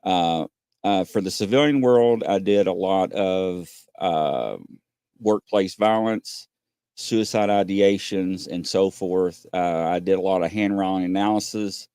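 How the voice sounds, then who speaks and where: A man hosting a casual podcast, telling stories with lots of pauses and acting out what people said. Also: deep voice, dark tone, clear, resonant tone, no room sound, clean studio sound. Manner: rambling storyteller, many "uh" pauses, acts out quotes. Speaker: podcast host. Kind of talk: casual chat.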